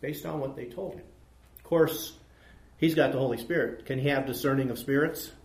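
A man's voice: medium pitch, fairly quick, roomy sound. A man teaching a Bible study class, reading verses aloud and asking his listeners questions.

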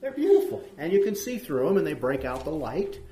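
A man's voice: a little high, lively intonation, brisk, warm tone, slight background noise. Brief: man, Bible study leader, conversational, questions to group, reads scripture, echoey room. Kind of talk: interactive Bible study teaching.

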